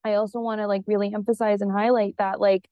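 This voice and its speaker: A woman's voice: mid-range voice, little pitch movement, quick pace, dark tone, no echo. A woman therapist talking as a podcast guest in an earnest, rambling way, with many fillers, and sounding teary. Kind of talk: casual conversation.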